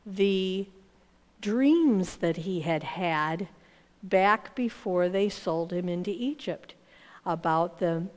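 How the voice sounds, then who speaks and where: A woman's voice: medium pitch, long reverb tail. A woman telling a Bible story to children, animating the characters' lines as she teaches. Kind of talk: storytelling Bible lesson for kids.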